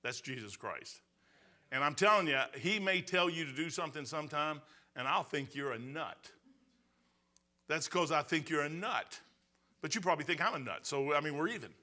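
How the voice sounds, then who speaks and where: A man in his sixties preaches with a bright, forceful voice that sits a little high for a man. He moves between emphatic points and folksy storytelling, peppered with quick asides. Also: animated. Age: 60s. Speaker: pastor. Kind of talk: sermon.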